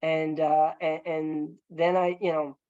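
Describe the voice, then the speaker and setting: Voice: mid-range voice, little pitch movement, slow, mellow, clean tone, no echo, dull audio. A filmmaker telling a long story over a video call, earnest and rambling, with many fillers and restarts. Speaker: filmmaker guest.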